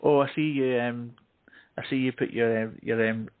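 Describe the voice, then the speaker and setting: A man's voice: mid-range voice, fairly even intonation, moderate pace, no room sound. Host guy asking listener questions, friendly, thin phone-ish audio. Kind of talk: casual interview chat. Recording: dry, tinny phone-like line.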